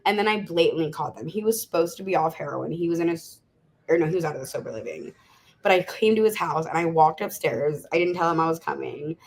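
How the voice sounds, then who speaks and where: A woman in her thirties tells a candid story as a podcast guest, often breaking into laughter. Her voice is husky and breathy. It sits on the lower side for a woman. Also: quick pace. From Las Vegas, USA. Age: 30s. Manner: laughing often through a frank, animated story.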